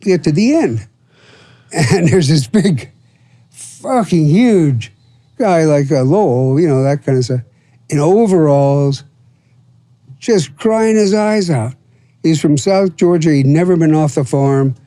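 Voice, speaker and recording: A man's voice: on the high side, lively intonation, takes it slowly, long pauses, mellow, no room sound. A man in his seventies from Florida, telling long profane stories with lots of fillers as a podcast guest. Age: 70s. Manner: rambling, profane, full of fillers and acted quotes. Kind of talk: casual storytelling.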